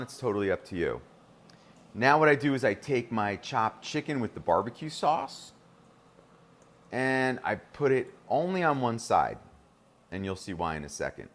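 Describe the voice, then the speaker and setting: A middle-aged chef and host with a New Jersey accent runs a live cooking demonstration in a kitchen, chatting enthusiastically with viewers. His voice is medium-pitched and a bit bright.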